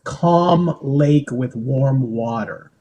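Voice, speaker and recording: A man being interviewed on a podcast, telling rambling, animated stories. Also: medium pitch, extremely slow, highs cut off. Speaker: podcast guest. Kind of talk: casual interview.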